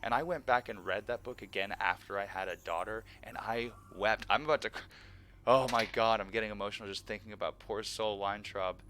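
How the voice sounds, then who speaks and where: A man in his thirties chatting casually on a live stream, animated and laughing often with nerdy enthusiasm. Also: fairly low pitch, a little fast, slight background noise.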